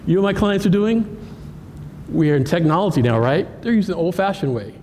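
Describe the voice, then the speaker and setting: A man giving an animated, joking cybersecurity presentation at a live conference, talking straight to the audience. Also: high voice, fast talker, a little hiss or hum. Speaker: cybersecurity speaker. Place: conference hall. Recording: hall reverb with faint ambience.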